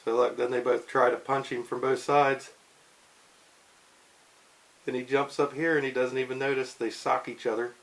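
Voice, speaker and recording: Dad reading comics to his kids, easygoing, mid-pitch, playful asides. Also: level tone, normal speed, pauses often, fairly bright tone, low-quality recording. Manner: playful, slips into goofy character voices. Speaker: father reading a comic book aloud to his daughters. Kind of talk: casual read-aloud with commentary.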